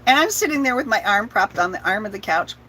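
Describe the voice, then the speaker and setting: A woman's voice: medium pitch, expressive, fast talker, bright, forceful tone, a little hiss or hum, poor audio. A woman telling a personal story with profanity and laughter, acting out her family's voices. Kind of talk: personal story told to an audience.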